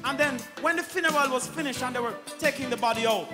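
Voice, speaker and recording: A man with a Jamaican accent performing stand-up on a concert stage, telling animated, repetitive comic stories with patois asides. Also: very high-pitched, quick pace, over music. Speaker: stand-up comedian. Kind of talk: stand-up storytelling.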